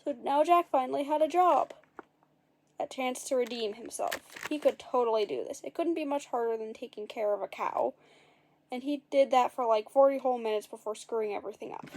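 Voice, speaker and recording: A woman's voice: high voice, a little fast, darkish tone. A woman reading a storybook aloud in a casual way, adding wry, dry asides and fixing her own slips as she goes. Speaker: narrator.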